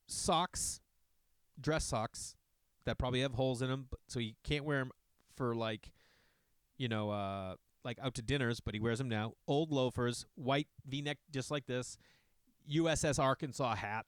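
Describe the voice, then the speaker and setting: Man, casual storyteller, animated and profane, smooth voice, dry sound. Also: mid-range voice, no room sound. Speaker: comedian telling a story.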